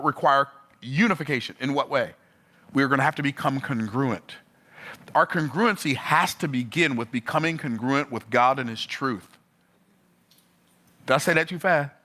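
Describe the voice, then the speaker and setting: Man, preacher, bright voice, sermon, swooping emphasis, questions to listeners. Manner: rhythmic preaching, rising and falling in pitch.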